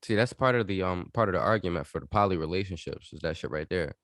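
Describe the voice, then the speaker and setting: A man in his thirties co-hosting a podcast in casual chat, animated, swearing freely and laughing often. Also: deep voice, quick pace, dry recording, studio quality. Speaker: podcast co-host.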